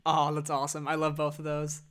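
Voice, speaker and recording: A woman's voice: low voice, monotone, brisk, clean tone. A woman hosting a podcast, chatting enthusiastically and laughing often. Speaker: podcast host. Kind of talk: casual chat.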